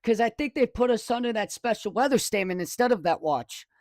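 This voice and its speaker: A high-pitched man talks through a home weather live stream. He rambles, backtracks and corrects himself, sounding excitable. His voice is recorded close on a desk microphone in a dry room. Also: fairly quick, no room sound.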